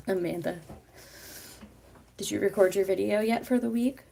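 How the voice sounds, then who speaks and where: A woman's voice: medium pitch, unhurried, gravelly, warm tone. A woman vlogger chatting casually on a livestream, rambling with many fillers and restarts. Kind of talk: casual live chat.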